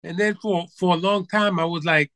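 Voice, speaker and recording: A man's voice: sits high, steady tone, brisk, fairly bright tone, dry recording. A man chatting as a podcast guest, telling anecdotes animatedly and acting out quotes. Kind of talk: casual chat, storytelling.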